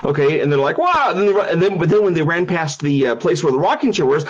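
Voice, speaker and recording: Husky-voiced animated male storyteller. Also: fairly high pitch, quick pace, highs cut off. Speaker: game designer and streamer. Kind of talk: casual storytelling on a stream. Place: his house.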